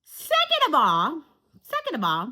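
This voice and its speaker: A woman, telling an animated storytime straight to her viewers. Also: high-pitched, a little slow. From Jacksonville, Florida. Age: 40s. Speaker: vlogger. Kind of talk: storytime vlog.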